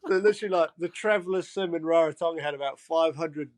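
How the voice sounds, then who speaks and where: Lively young Geordie man telling stories. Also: on the high side, fast. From England. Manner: animated storyteller, swears freely, acts out quotes. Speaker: podcast guest. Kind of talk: casual storytelling chat.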